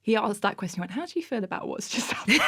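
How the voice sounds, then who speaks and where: A woman's voice: very high voice, sharp tone. A woman, a podcast guest, telling funny self-mocking stories in a casual interview, often breaking into laughter.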